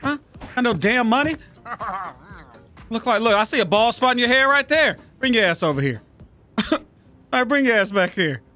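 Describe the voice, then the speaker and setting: Male gaming host, loud and profane, high and bright. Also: animated, moderate pace, pauses often, soft background music. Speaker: gaming YouTuber. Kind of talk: gameplay commentary.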